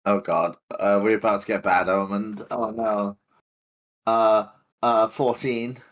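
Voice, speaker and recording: A man's voice: fairly low pitch, little pitch movement, slow, a bit bright. A man playing a tabletop game, casual and playful, laughing often. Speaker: player.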